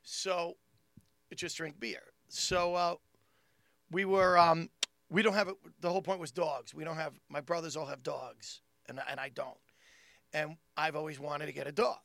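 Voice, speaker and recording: A middle-aged man telling a story in casual chat, animated and laughing along. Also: on the high side, normal speed, gravelly, dry recording, clean studio sound. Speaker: comedian.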